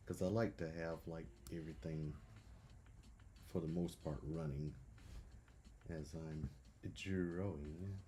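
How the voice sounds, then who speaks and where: A middle-aged man hosting a live drawing stream in casual chat, speaking softly and rambling, slightly hoarse from a cold and clearing his throat often. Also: extremely low pitch, steady tone, takes it slowly, pauses often, a little hiss or hum.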